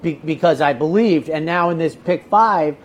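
This horse-racing handicapper has a fairly high-pitched voice and talks at normal speed. Chatting casually on a racing talk show, he tells stories with animation and frequently repeats words as each new thought begins.

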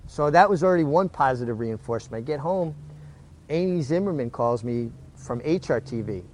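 A man's voice: mid-range voice, animated, a little fast, a little mellow, a little hiss or hum. A middle-aged man, a retired jockey, recounting his career in a casual interview, earnest and prone to repeating words as he restarts.

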